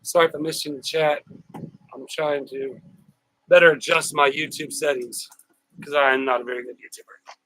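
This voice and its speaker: A man hosting a casual outdoor live stream, greeting viewers by name in a chatty, upbeat way with drawn-out shout-outs. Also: fairly high pitch, steady tone, no room sound, poor audio. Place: outdoors on a hot day with a fan.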